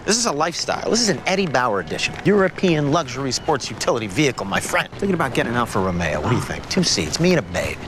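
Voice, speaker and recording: A man's voice: medium pitch, sing-song, very fast, hardly any pauses, noisy background, natural voice. An actor playing a boastful, touchy car salesman in a sitcom, with smug and defensive patter. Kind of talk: sitcom acting.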